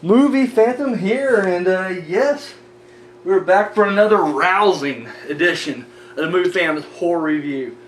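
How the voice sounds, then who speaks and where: A man's voice: high voice, normal speed. A man hosting a horror movie review show, chatting and ranting casually with rambling, profane talk. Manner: rambling, profane, frequent restarts. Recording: roomy distant mic with faint hum.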